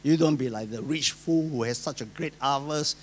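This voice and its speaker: A male pastor with a Singaporean English accent preaching a sermon, swinging between loud emphasis and soft asides, acting out the voices of people he quotes. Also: mid-range voice, moderate pace, slight background noise.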